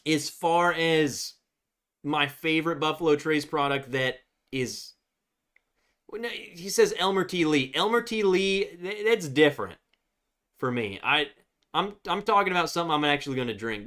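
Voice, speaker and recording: Male streamer, unhurried rambling casual delivery, slightly higher voice. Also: animated, bright, forceful tone. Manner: rambling, filler-heavy, baby talk to his dog. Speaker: whiskey live streamer. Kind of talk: casual live stream chat.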